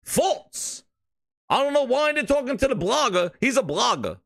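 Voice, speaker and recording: A man's voice: very high voice, very animated, brisk, gravelly, fairly bright tone, no echo, clean studio sound. A man hosting a gaming podcast, ranting profanely and mocking, stumbling and repeating words when riled up. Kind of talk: ranting casual commentary.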